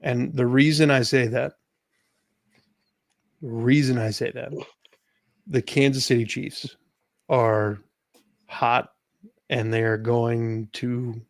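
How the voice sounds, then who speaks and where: A man hosting a casual panel podcast, calling his own voice monotone. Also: medium pitch, slow pace, long pauses, no room sound, clean studio sound. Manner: self-described monotone voice. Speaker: podcast host.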